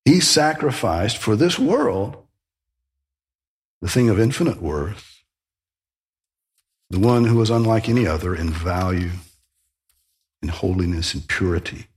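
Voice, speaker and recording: A man's voice: fairly low pitch, expressive, unhurried, pauses often. A man preaching a sermon, emphatic, with rhetorical questions and sudden rises in emphasis. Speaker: pastor.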